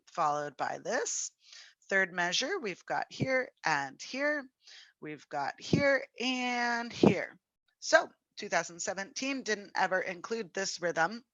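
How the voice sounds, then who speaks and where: A woman's voice: on the low side, sharp tone, no room sound. A woman giving an online music lesson, chatty and encouraging, counting beats and singing rhythms on "da". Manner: counts aloud and sings rhythms on "da"; chatty, encouraging, thinks aloud. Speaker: music teacher.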